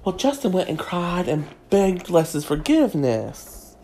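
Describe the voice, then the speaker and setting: A woman's voice: on the low side, sing-song, a little slow, warm tone, slight background noise. A woman delivering a sassy, mock-prim comedic gossip monologue as host.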